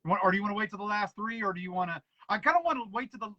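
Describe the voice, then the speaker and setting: A man hosting a relaxed podcast chat, his voice high and bright. He talks fast and eagerly, often restarting his words. The sound is dry and a bit dull, like a lo-fi mic. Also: no room sound. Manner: quick, eager, stumbles over words. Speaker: podcast host. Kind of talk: casual chat.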